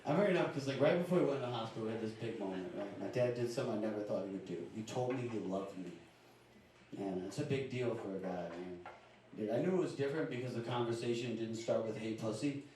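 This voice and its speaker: Young male stand-up comic, casual punchy set; distant echoey club recording with steady crowd ambience. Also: fairly low pitch, fast talker, slight background noise. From Louisiana. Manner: casual, confiding, punchy delivery. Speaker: stand-up comedian. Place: comedy club stage. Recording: echoey club room from far off.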